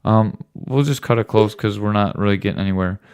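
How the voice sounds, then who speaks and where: A man's voice: fairly low pitch, a little fast, darkish tone, clean tone. A man talking casually as a father hosting a home podcast with his son, teasing and joking with him. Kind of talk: casual late-night chat.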